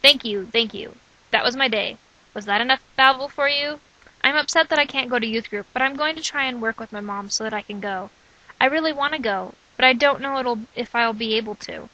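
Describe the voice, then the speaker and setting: A woman in her twenties reading her old diary letters aloud in short, steady clipped phrases. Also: fairly high pitch, fairly quick, lo-fi sound. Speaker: vlogger.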